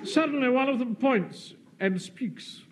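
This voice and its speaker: A pompous Home Guard captain. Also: male voice, very high voice, a little slow. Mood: indignant. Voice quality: pompous, self-important. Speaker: officer reading a radio script. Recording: hissy old radio recording.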